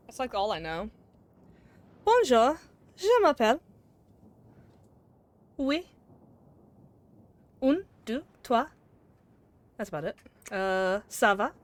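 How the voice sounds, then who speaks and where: A woman's voice: fairly high pitch, lively intonation, slow, pauses often, a bit bright. A young adult woman chatting casually and teasing her chat while playing a game live, laughing often. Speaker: gaming streamer.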